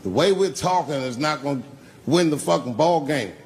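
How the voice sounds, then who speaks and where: Male stand-up comic on a club stage, gravelly voice, profane and loose storyteller. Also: on the high side, animated, normal speed, a little mellow. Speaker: stand-up comedian. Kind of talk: stand-up routine. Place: comedy club stage with live audience.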